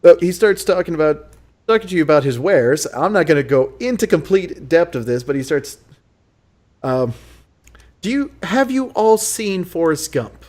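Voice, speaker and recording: A man narrating as game master in a tabletop role-playing session, relaxed and laughing as he tells the scene. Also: on the high side, moderate pace. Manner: relaxed, laughing, loose storytelling.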